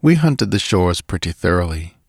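A man reading a story aloud, measured and deliberate. His voice is fairly low. The recording is dry and close, with no room echo. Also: sing-song, creaky, a little mellow. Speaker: audiobook narrator. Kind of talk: scripted story narration.

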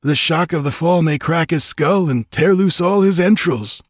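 A man's voice: on the high side, moderate pace, no room sound, clean studio sound, voice pushed up, close to an everyday voice. A man voicing a cautious desert nomad tribesman who raises objections, in a storybook reading.

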